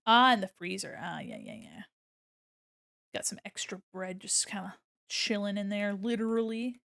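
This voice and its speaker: A woman's voice: mid-range voice, steady tone, moderate pace, gravelly, a bit bright, dry recording. A woman streaming her drawing session, chatting casually and giggling while she explains each step. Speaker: art streamer. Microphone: desk microphone.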